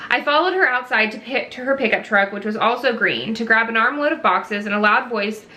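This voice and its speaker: A woman reads a cozy mystery novel aloud in a first-person voice. Her tone is bright and sits a little high. She stumbles now and then and simply restarts the phrase. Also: lively intonation, brisk. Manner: reads with small slips and restarts. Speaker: reader.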